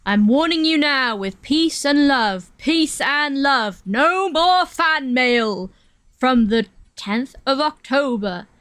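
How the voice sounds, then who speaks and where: A woman's voice: high-pitched, expressive, slow, fairly bright tone, no echo, heavily acted. A woman doing an impression of a famous older male musician, drawing out mock-solemn warnings.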